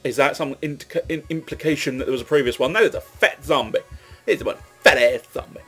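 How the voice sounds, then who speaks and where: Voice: mid-range voice, fast, a bit bright, breathy edge, faint music behind. A let's play gamer giving casual commentary while playing, rambling and correcting themselves, swearing at their own mistakes.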